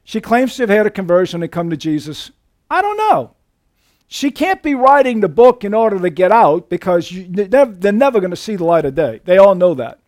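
A man preaching a sermon to a church congregation, emphatic, swinging between loud outbursts and hushed asides. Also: sits high, sing-song, a little fast, dry recording, studio quality. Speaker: pastor. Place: church sanctuary.

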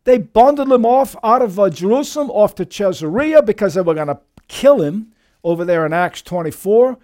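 A man preaching a sermon as pastor, emphatic and lively, often calling his listeners dear friends. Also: moderate pace. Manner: emphatic preaching with lively shifts in pitch and volume.

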